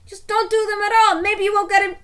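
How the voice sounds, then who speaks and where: A young woman with a very high voice trading blunt, teasing remarks in a loose podcast chat. She swears freely and laughs often. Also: level tone, quick pace, a bit bright. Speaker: podcast co-host. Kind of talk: casual chat.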